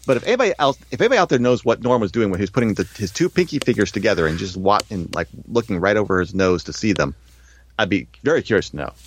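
Lively-voiced man hosting a podcast. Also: lowish voice, very fast, slightly rough. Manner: animated, thinks aloud with restarts and asides. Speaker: podcast host. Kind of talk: casual chat about a sitcom episode.

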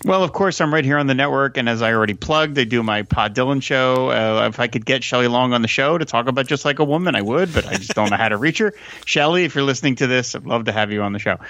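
A man's voice: medium pitch, quick pace, no echo. A man guesting on a podcast in casual chat, restarting phrases and acting out lines he quotes. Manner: thoughtful, stammering restarts, lively quoting.

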